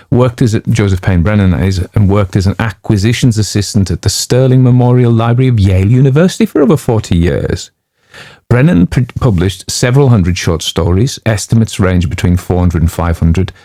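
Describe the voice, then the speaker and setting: A man's voice: lowish voice, expressive, fairly quick, dark tone, no echo, clean studio sound. A man chatting casually before reading a story, rambling off on digressions, with lots of fillers and jokey asides. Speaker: audiobook narrator introducing a story.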